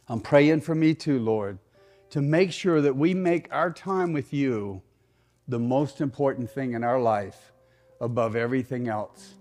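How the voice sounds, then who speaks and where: A middle-aged man, a pastor preaching a sermon in an animated way that sinks into soft prayerful tones. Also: a little high.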